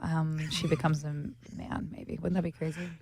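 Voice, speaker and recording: A woman in her twenties, a guest actress in a casual chat, telling jokey stories with laughs and quick voices for the people in them. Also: low voice, little pitch movement, background noise. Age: 20s. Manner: jokey, laughing, acts out other people's lines.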